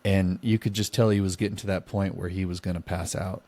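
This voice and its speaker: A man's voice: low-pitched, fairly quick. A man co-hosting a podcast, casually telling a story and acting out the dialogue. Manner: animated, acts out both sides of dialogue. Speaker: podcast co-host.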